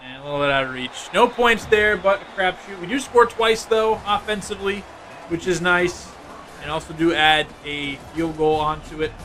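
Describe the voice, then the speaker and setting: A man calls the plays of a football video game live, bursting into excitement on big plays and slipping into easy chatter with his viewers. His voice sits a little high, with faint music underneath. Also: normal speed. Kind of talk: live gameplay commentary.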